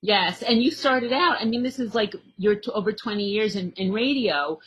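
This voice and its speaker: Enthusiastic woman interviewer, breathy voice. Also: mid-range voice, moderate pace, fairly bright tone, rough recording. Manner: enthusiastic, supportive, many fillers. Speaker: interviewer, podcast host. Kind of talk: casual interview chat.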